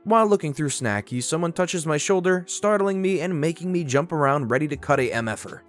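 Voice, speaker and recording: A man narrating reddit stories aloud with animated, sarcastic asides. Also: a little high, brisk, faint music behind.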